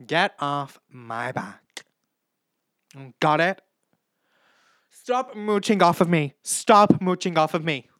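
A man acting out a shouting, taunting row between reality-show housemates. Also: a little high, clean tone, dry recording, clean studio sound.

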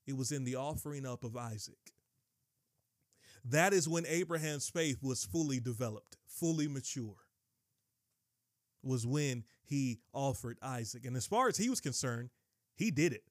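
A man preaching a sermon in an emphatic, conversational way, rising to high excited bursts. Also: moderate pace, pauses often, no echo, studio quality. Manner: conversational, addresses listeners as bro.

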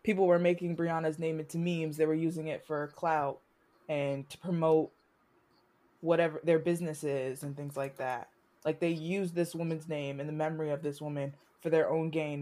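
A woman's voice: deep voice, a little mellow. Impassioned young woman speaking candidly. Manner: impassioned, halting, many restarts. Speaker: student sharing experience. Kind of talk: candid conversation.

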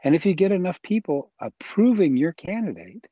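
A man's voice: high-pitched, big pitch swings, normal speed, dry recording, lo-fi sound. A man interviewed as a guest, earnestly and persuasively explaining his views in a conversational way. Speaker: interview guest, voting reform advocate.

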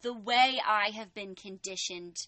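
Bright-voiced chatty woman podcaster. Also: medium pitch, unhurried. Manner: chatty, fillers like "um" and "like". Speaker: podcast co-host. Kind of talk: casual chat.

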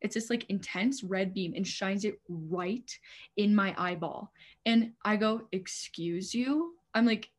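A woman's voice: mid-range voice, unhurried. Young woman swearing through casual stories. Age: young adult. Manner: animated storytelling, swears a lot. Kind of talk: casual chat.

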